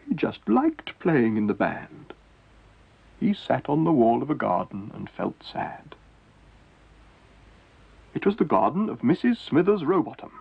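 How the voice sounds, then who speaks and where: Gravelly gentle storybook narrator man. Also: mid-range voice. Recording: tinny lo-fi 1970s TV audio with faint music.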